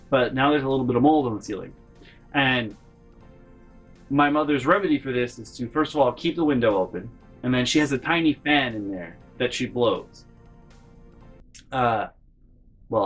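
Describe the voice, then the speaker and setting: Man, casual rant, sardonic, profane, exasperated, faint background music. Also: medium pitch. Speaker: vlogger. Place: his bedroom at home.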